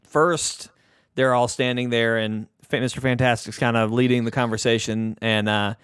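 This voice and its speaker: A man co-hosting a podcast, casually recapping a film plot in a relaxed, rambling way. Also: medium pitch, normal speed, clean tone, dry recording, studio quality. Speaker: podcast co-host. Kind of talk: casual movie recap chat.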